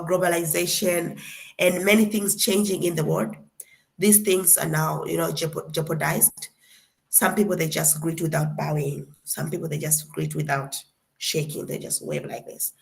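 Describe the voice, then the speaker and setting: A young woman from Tanzania giving a casual classroom lesson. She drills each word slowly and deliberately, and keeps a playful, chatty manner. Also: lowish voice, creaky. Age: young adult. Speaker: guest lecturer.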